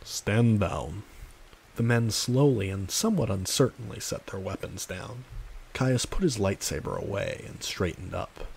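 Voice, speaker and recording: A man narrating a fan story in a calm, steady storytelling manner. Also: on the low side, normal speed, gravelly, a little hiss or hum. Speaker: audiobook narrator.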